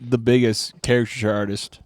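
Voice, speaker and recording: A man's voice: mid-range voice, level tone, a little fast, dry recording. Comedian guy chiming in with questions, casual swearing, dry sound. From Chicago area. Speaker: stand-up comedian. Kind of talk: casual podcast chat.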